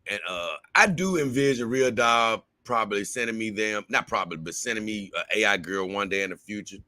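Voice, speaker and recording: A man's voice: lowish voice, a little fast, no echo. A man hosting his own channel, reading out viewer comments in a casual, drawling way full of fillers. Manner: relaxed, drawling, with many fillers. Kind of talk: casual livestream chat.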